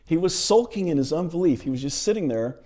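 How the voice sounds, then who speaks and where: A middle-aged male minister giving a sermon, retelling a film scene in an animated storytelling manner. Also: on the high side, quick pace.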